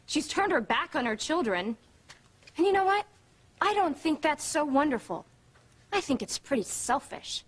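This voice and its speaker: Defiant young mother, husky and high-ish, cold soap delivery. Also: expressive, normal speed. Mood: bitter. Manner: defiant, bitter. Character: bitter young mother shielding her baby. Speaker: soap opera character, new mother. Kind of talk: daytime soap opera acting.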